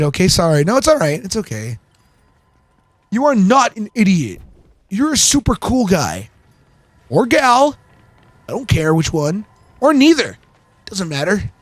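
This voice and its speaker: High, slow-talking giggly guy. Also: no echo. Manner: rambling, giggly, self-deprecating. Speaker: gaming channel host. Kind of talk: casual gameplay commentary.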